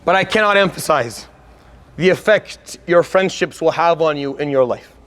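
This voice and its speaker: A man's voice: on the high side, moderate pace, fairly bright tone. A man giving an earnest religious lecture, speaking emphatically and getting worked up as he urges his listeners. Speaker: Islamic lecturer.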